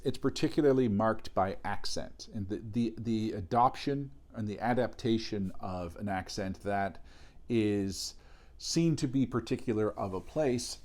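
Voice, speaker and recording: A man giving an informal academic lecture, thoughtful and measured, often pausing to search for the right word. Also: on the low side, a little mellow.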